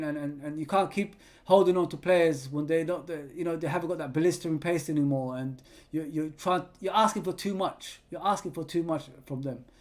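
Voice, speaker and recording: A man hosting a live football watch-along, excitably calling the play, yelling at players and chatting with viewers. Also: a little high. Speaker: fan channel host reading live chat.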